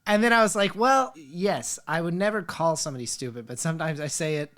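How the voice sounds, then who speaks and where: A man's voice: fairly high pitch, lively intonation, fast talker, fairly bright tone. A man in his thirties co-hosting a casual parenting podcast, talking candidly and laughing easily. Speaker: podcast co-host. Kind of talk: casual chat.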